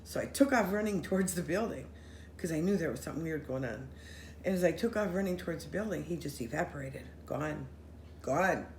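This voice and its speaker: A woman telling a story in casual chat with friends, animated, running her sentences together and acting out what people said. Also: sits low, a little fast. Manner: animated, acts out quoted voices, run-on sentences. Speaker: storyteller recounting a paranormal experience. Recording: roomy echo with faint noise.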